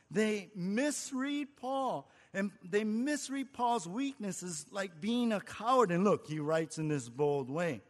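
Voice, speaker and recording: A man's voice: sits high, in a large hall. A man preaching an expository sermon in an earnest, conversational way, asking his listeners rhetorical questions. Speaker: pastor.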